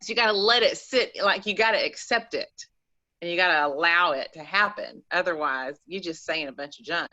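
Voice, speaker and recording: A woman with an East Texas accent talks in a bright, forceful voice, animated and rambling, folksy in her asides. She sits a little low in pitch for a woman, and the call audio comes through dull and lo-fi. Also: brisk. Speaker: caller on a call-in show. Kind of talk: casual chat.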